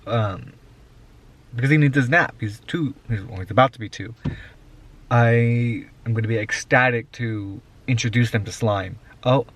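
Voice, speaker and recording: A man's voice: medium pitch, moderate pace, fairly bright tone. A young man and father talking casually to a handheld camera in a home vlog, at home and in a car. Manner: chatty, talks straight to the camera. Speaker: father and vlogger. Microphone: handheld compact camera. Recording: background noise with vehicle hum.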